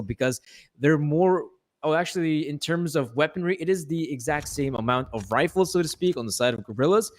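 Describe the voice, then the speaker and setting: A man's voice: mid-range voice, a little hiss or hum. Male esports caster, live play-by-play, analytical with a joking streak.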